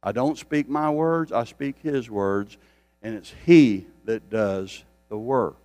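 A man's voice: medium pitch, slow pace, dark tone, no echo, faint music behind. An older man preaching a sermon, repeating phrases for emphasis and building intensity as he speaks. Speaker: pastor.

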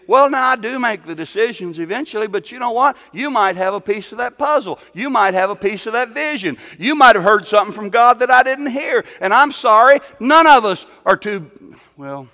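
A man's voice: high voice, lively intonation, normal speed, bright, forceful tone, big-room sound. A man preaching a sermon as pastor, talking in a folksy way, with rhetorical questions and stumbling repeats.

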